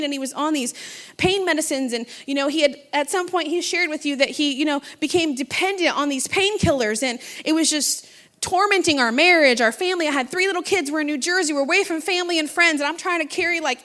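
Woman preaching, high voice, bright tone, middle-aged, passionate and conversational, calls out to the congregation. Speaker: pastor's wife preaching. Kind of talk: sermon.

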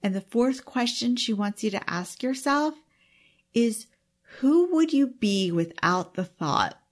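A woman coach delivers a self-help teaching monologue in a somewhat high voice. She talks earnestly and gets openly emotional, often breaking into exclamations as she speaks to other parents. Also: expressive, takes it slowly. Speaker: time management coach.

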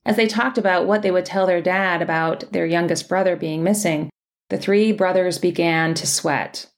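Female podcast host, lowish gravelly voice, reads a reflective sermon with a gentle storyteller's pacing. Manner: gentle storytelling with measured phrasing. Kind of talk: scripted reflective sermon narration.

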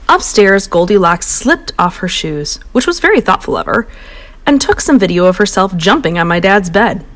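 At a moderate pace, a female storybook reader tells a children's tale with playful bounce. She lets her pitch soar and sink to keep it lively for little ones.

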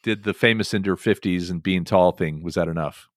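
A man hosting a casual chat podcast, telling stories in an animated way with many "um"s and restarts. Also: low voice, brisk, no room sound, studio quality. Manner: animated storytelling with many fillers. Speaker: podcast host.

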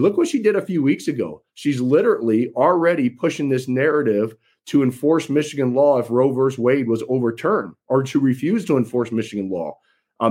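A husky, mid-range voice with a darkish tone belongs to a man running for office. He addresses his followers folksily and emphatically, using repetition for effect.

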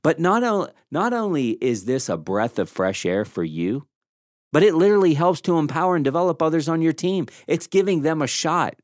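A man hosting a leadership podcast, telling stories in an animated, self-deprecating way and acting out the lines he quotes, on a studio microphone. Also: fairly high pitch, normal speed, dry recording. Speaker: podcast host. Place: small studio room.

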